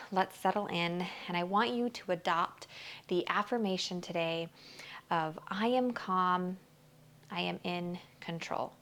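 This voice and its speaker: A woman teaching a guided yoga class, speaking slowly and soothingly and sinking to near whispers on repeated affirmations. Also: lowish voice, a bit bright. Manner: slow, soothing guidance, dropping to near whispers on chanted affirmations. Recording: music playing behind the voice.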